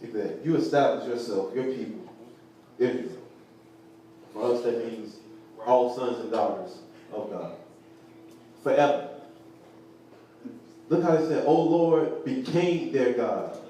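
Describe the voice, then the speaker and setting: A man teaching the Bible to a group, animated and laughing, often asking the crowd questions. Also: mid-range voice, unhurried, pauses often. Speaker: preacher. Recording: echoey room from far off, faint noise.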